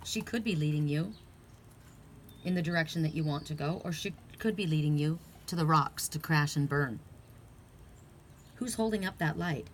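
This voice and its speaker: A woman's voice: low-pitched, moderate pace, long pauses, slight background noise. A middle-aged woman giving an earnest, heartfelt oracle card reading, emphatic and casual.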